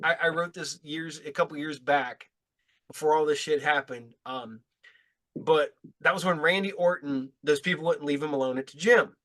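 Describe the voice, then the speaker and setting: Podcast host with a high-pitched voice, a rambling, cursing storyteller. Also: male voice, normal speed, fairly bright tone. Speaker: podcast host, comic store owner. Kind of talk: casual podcast chat.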